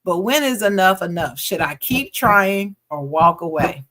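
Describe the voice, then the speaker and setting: A female podcast co-host reads a listener's letter aloud with lots of expression, pausing at times to toss in casual, slangy asides. Her pitch is medium and her pace measured, with crowd noise in the background.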